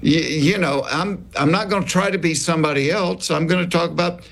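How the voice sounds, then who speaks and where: A man in his sixties with a Southern US drawl tells stories in an easy, animated way. His voice is gravelly and sits a bit high for a man, and he slips into the voices of the people he quotes. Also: brisk. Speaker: comedian guest. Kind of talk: casual interview storytelling.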